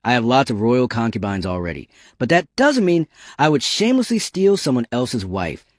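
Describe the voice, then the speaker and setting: A man's voice: medium pitch, sing-song, moderate pace, no echo, studio quality, lightly acted. A man voicing the ghost of a boastful boy-king, brash and petulant. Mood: smitten.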